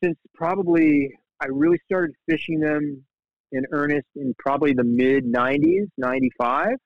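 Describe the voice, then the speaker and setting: A middle-aged man, a guest, telling fishing stories in a casual, animated way, with many restarts and lively quoted voices. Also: fairly high pitch, normal speed, vocal fry, dry recording. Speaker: guest, shark fly fisherman. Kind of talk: casual storytelling. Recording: slightly muffled, dry sound.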